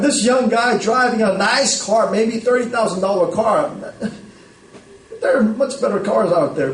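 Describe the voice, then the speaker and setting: A man's voice: high voice, recorded from a distance. Man, pastor, conversational sermon, roomy reverberant church hall, faint background hum. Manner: conversational storytelling, frequent "right?" checks. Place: church sanctuary.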